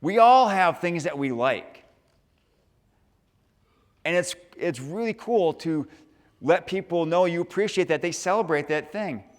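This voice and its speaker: A man giving a lively, upbeat motivational talk to a high school audience and asking the crowd questions. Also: a little slow, long pauses. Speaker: motivational speaker. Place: large school hall. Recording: long reverb from a large hall.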